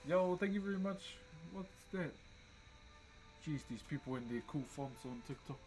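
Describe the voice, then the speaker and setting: A man's voice: a little high, animated, moderate pace, a little mellow, soft background music, rough recording. Laid-back New Zealand man chatting on stream. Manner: laid-back, greets chat viewers by name. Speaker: livestream host. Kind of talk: casual livestream chat while wood carving.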